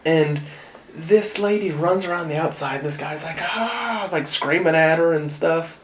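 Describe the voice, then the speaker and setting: A man's voice: a little high, fairly even intonation, moderate pace, slight background noise. Rambling man telling a story in a roomy space. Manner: rambling storyteller, many fillers and restarts. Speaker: podcast host. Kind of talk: casual chat among friends. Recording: roomy echo.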